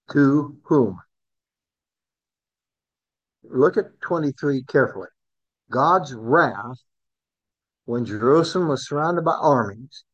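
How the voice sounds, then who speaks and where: In a muffled recording, a man teaches a Bible class conversationally. He asks his listeners questions and raises his pitch to stress key words.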